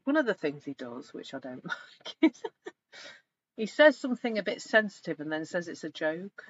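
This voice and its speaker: A middle-aged woman coaching in a live online session, speaking reflectively and gently and growing animated when she retells stories. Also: on the low side. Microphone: video call. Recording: slightly dull lo-fi sound with faint noise.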